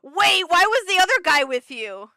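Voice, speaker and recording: A woman streaming a story game, reading it aloud and reacting with lots of laughter and excited shouts. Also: very high voice, normal speed, no echo.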